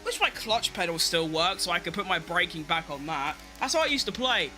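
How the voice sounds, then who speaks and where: Young man, high voice, very bright and sharp tone, excitable live racing game commentary, game music behind. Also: brisk. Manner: excitable, swears, talks to himself and the game. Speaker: game streamer.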